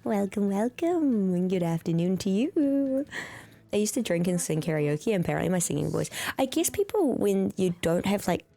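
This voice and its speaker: A young woman chatting quietly and giggly with viewers on a home stream, close to the mic, with a throaty, slightly hoarse tone. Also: medium pitch, sing-song, normal speed. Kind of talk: casual chat with viewers.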